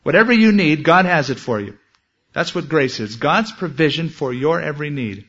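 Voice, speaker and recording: This earnest pastor has a fairly high, husky voice with a fairly bright tone and lively intonation, speaking at normal speed. His sermon weaves in quoted prayers and scripture, captured on a dull lo-fi recording.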